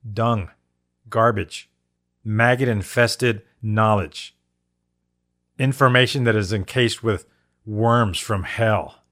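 A man's voice: medium pitch, fairly bright tone. Fired-up male preacher hammering his points. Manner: impassioned, emphatic repetition, addresses audience as folks. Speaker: online preacher. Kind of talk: fiery sermon-style commentary.

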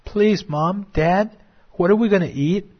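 A preacher putting on the voice of a starving little child who begs its parents for food. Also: male voice, sits high, unhurried, breathy edge, dull audio, pitched above the performer's own voice. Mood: pleading. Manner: pleading, whimpering.

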